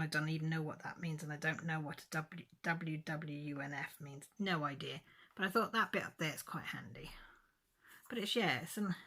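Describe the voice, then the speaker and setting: Rambling, low-voiced woman vlogger. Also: a bit bright, husky. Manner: rambling, loses track of days. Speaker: craft vlogger. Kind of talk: casual chat.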